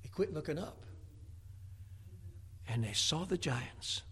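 Male preacher, high voice, storytelling sermon with acted voices, loud swells and hushed drops. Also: animated, slow pace, slightly rough.

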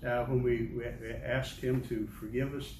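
A man's voice: mid-range voice, little pitch movement, normal speed, darkish tone. An older American man giving a rambling, humorous church testimony as a missionary, with many restarts and chuckles. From United States. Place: large church hall. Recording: echoey hall, distant mic, ambient noise.

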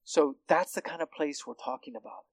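A man preaching with a fairly high voice, building from hushed teaching to loud, urgent peaks. The sound is dry and close, with no room echo. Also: lively intonation, moderate pace, gravelly, husky. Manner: swings from quiet to loud, impassioned when calling out. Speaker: pastor. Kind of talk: sermon.

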